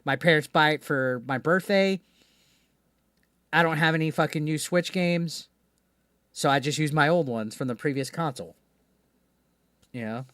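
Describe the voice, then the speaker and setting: A streamer hosts a live call-in stream, talking casually in a rambling, profane way with frequent restarts. His voice is a little high and fairly bright, at a moderate pace with long pauses. The sound is studio quality with no echo.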